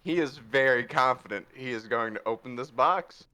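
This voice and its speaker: A man narrating a tabletop game as game master, telling the action in a playful, animated way. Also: mid-range voice, normal speed.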